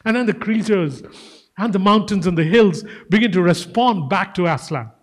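A man's voice: high voice, lively intonation, moderate pace, in a large hall. A male preacher giving a sermon, emphatic, repeating key phrases and calling his listeners guys.

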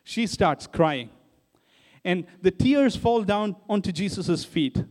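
A man's voice: high voice, expressive, takes it slowly, darkish tone. A male preacher retelling a story in a sermon, speaking casually to his listeners. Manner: storytelling, addresses listeners as guys. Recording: long hall reverb.

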